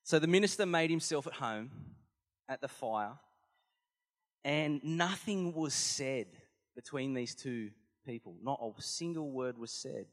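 Male pastor, earnest conversational sermon delivery, average pitch, reverberant church hall. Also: expressive, a little slow.

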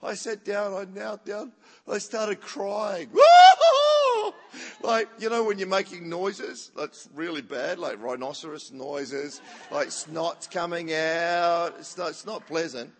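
A man preaching a story-driven sermon, animated and laughing, acting out what people said. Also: sits high, unhurried, vocal fry. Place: church hall. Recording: long church-hall reverb.

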